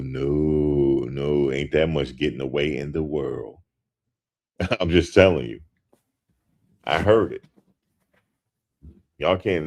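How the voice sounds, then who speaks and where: Deep-voiced man in slangy casual commentary. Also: darkish tone. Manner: repetitive, slangy, emphatic. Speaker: host.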